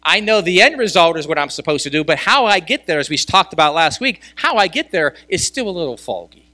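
A man's voice: a little high, sing-song, a little fast, pushed and bright, dry recording. A male pastor preaching a sermon in a conversational way, asking rhetorical questions and repeating key words for emphasis.

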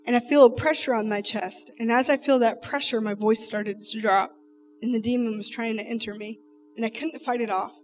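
A woman's voice: on the high side, steady tone, a little fast, recorded from a distance, faint music behind. A woman telling an emotional personal testimony, earnest and emphatic, speaking straight to the audience.

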